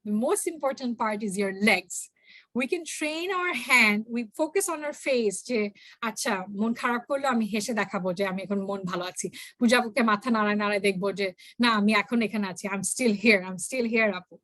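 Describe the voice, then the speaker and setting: A young woman giving a workshop talk, addressing the audience directly in an animated way. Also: fairly high pitch, racing, no echo. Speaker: workshop speaker. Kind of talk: workshop talk mixing two languages.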